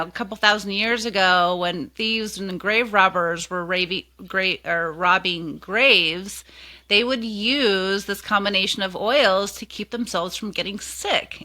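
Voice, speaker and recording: A woman clinician co-hosting a casual health podcast, chatty with many fillers and lively retellings. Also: mid-range voice. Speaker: co-host and clinician.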